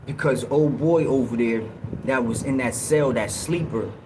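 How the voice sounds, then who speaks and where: A man hosting a livestream, telling a story in a casual, slangy, animated way and acting out what people said. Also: mid-range voice, normal speed, slight background noise, low-quality recording. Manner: animated, slangy, acts out quotes in raised yells. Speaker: livestream host.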